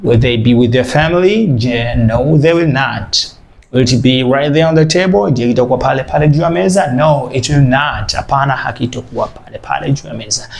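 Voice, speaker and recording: Gravelly man teaching English. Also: medium pitch. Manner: repeats example sentences slowly, then translates quickly. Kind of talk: bilingual language lesson.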